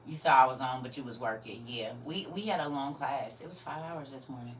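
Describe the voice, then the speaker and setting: Woman livestream host, low voice, chatty and laughing, talks back to the chat. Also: fairly quick, a little hiss or hum. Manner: chatty, laughs often, answers viewer comments. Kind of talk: casual livestream chat with viewers.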